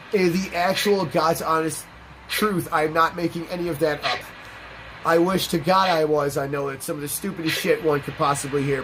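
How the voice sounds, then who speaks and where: A man's voice: a little high, low-quality recording. A man hosting a game playthrough, rambling through a long, profane personal story as he plays. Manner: rambling, profane, animated anecdotes. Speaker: let's play host. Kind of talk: casual gameplay commentary and storytelling. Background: game music.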